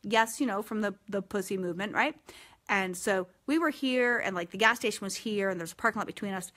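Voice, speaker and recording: A woman in her forties hosting a casual live-stream chat, talking frankly and swearing freely with lively energy. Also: medium pitch, fairly quick. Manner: frank and profane, animated. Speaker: host.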